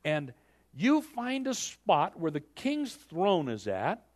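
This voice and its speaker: A man's voice: fairly high pitch, huge pitch swings, slow, voice pushed up, full character voice. A male preacher voicing a sly older uncle who coaxes his niece in a conspiratorial way. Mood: coaxing. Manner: coaxing, conspiratorial. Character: scheming older uncle, man, persuasive and sly.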